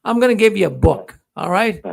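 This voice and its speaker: A man's voice: sits high, animated, a little fast, creaky. A man hosting a casual live-stream quiz, jokey and playful, often repeating himself. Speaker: show host running a quiz.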